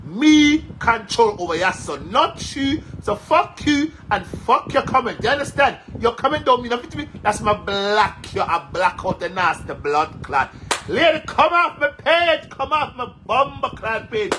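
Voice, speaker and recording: A man's voice: high-pitched, animated, moderate pace, hardly any pauses, background noise. A man with a Jamaican accent, angrily ranting at his followers, cursing and repeating himself. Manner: heated, cursing, repetitive. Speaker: social media commentator. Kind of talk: angry rant to followers.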